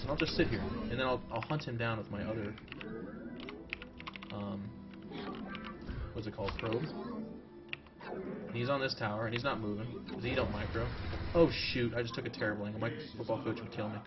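A man casually commentating his own strategy game match live, chatty and self-mocking with jokey asides. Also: medium pitch. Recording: distant, dull lo-fi mic with loud music. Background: loud background music and keyboard typing.

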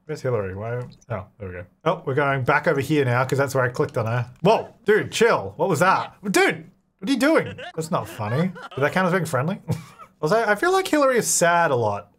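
A young man casually commenting on his own gameplay, chatty and giggly, talking back to the characters on screen. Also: fairly high pitch. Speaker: gaming YouTuber.

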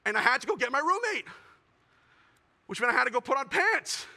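A young man performing a self-mocking stand-up comedy set, building to shouted punchlines. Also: extremely high pitch, sing-song, brisk, creaky. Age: young adult.

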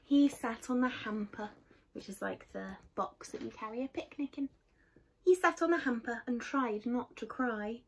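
A woman reading a picture book aloud to children, expressive and asking her young listeners questions, sometimes whispering. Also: a little high, normal speed, husky.

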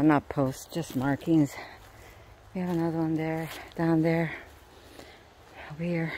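A woman's voice: sits low, darkish tone, a little hiss or hum. A middle-aged woman, tired and out of breath, chatting casually as she walks through the woods filming on her phone. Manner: rambling, breathy asides while walking. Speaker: vlogger. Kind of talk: casual walking vlog. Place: outdoors in woods.

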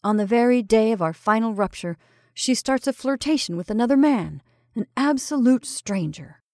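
A woman's voice: on the high side, animated, moderate pace, darkish tone, no echo, studio quality. A woman voicing a young man speaking from inside a costume, in a storybook reading. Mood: earnest.

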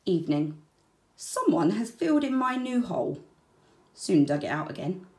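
A woman reading a children's storybook aloud, slow and deliberate, with soft, breathy word endings. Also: fairly low pitch, very animated. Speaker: children's book reader. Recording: roomy echo.

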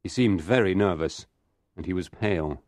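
A man reading a story aloud for English learners, slow, clear and steady. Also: sits low, dry recording, clean studio sound. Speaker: narrator.

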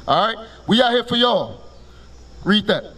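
A man's voice: sits high, expressive, a little slow, fairly bright tone. A man preaching on the street, quizzing passers-by with "right?" and ordering scripture to be read aloud before explaining it. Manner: commanding, calls for each scripture reading with a curt "Read", then explains it; quizzes listeners with repeated "right?" and rhetorical questions. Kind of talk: street preaching with questions to listeners.

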